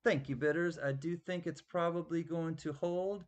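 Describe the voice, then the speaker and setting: A man's voice: on the high side, fairly even intonation, moderate pace. A man running a live-stream coin auction, chatty and thanking bidders by name.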